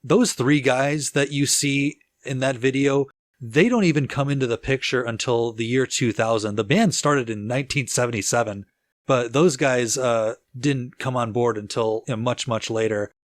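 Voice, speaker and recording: A man co-hosting a casual music-history podcast, relaxed and chatty with easy laughter and plenty of fillers. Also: mid-range voice, normal speed, dry recording. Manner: relaxed storyteller, laughs easily, lots of filler "like". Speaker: podcast co-host.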